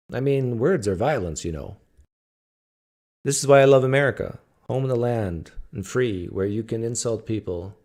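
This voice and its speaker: Low-voiced joking male streamer. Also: a little mellow. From Canada. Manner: joking, teasing storyteller. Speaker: host. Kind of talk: casual livestream chat.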